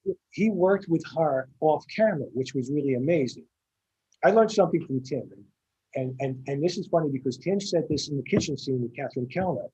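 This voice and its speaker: An older film director with a Staten Island accent tells his stories in a husky, slightly high voice. He rambles and restarts, repeating words as the anecdotes pick up. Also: animated, fairly quick, mellow, muffled recording. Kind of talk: casual storytelling interview.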